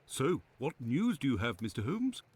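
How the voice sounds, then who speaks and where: An actor playing a polite, formal Victorian policeman with a husky voice, in a video game. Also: medium pitch, wildly swooping pitch, moderate pace, darkish tone, dry recording.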